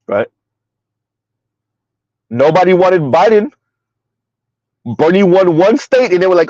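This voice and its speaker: A fairly high-voiced man in a casual livestream commentary, firing off rhetorical questions and reading viewer chat as he goes. His pitch jumps up when he wants to sound incredulous. The audio is dry and a little dull and lo-fi. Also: lively intonation, takes it slowly, pauses often, a little mellow, dry recording. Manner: rhetorical, keeps asking "Right?", swings pitch up when incredulous.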